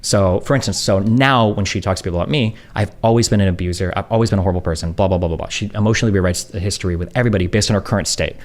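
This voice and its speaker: A man's voice: low-pitched, rapid-fire, hardly any pauses. A man in his thirties in a casual venting monologue, sarcastic and exasperated, slipping into mocking voices of others. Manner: sarcastic, exasperated, mimics others mid-story. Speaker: streamer.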